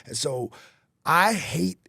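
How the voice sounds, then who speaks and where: Male podcast host, gravelly and emphatic, dry studio mic. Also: a little high, lively intonation, slow pace, sharp tone, dry recording. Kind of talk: casual podcast conversation.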